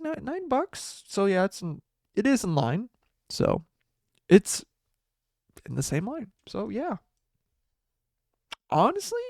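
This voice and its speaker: A man's voice: fairly high pitch, gravelly, darkish tone, no echo, clean studio sound. A man hosting a casual solo livestream podcast. He rambles, restarts his sentences, corrects himself often and laughs a lot. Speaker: podcast host.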